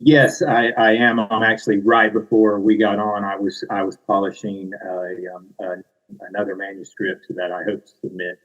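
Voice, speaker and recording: A man's voice: fairly low pitch, little pitch movement, normal speed, a bit bright, muffled recording. A middle-aged man with a Southern US accent, a children's book author answering interview questions in a modest, self-deprecating way.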